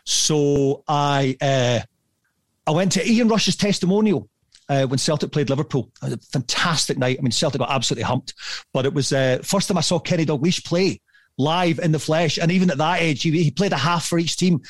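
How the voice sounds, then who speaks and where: A man in his fifties tells stories as a podcast guest, chatty and animated, laughing often. His voice sits fairly high. The sound is dry. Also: a little fast, no room sound. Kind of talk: casual storytelling.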